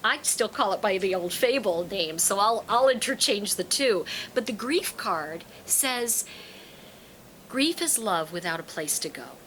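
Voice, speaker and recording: A woman's voice: mid-range voice, a little slow, slight background noise, rough recording. A woman who reads tarot cards and teaches, talking casually to an audience and acting out the people in her stories. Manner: animated storyteller, acts out quoted voices. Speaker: tarot card reader and teacher. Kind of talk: casual spoken talk to an audience.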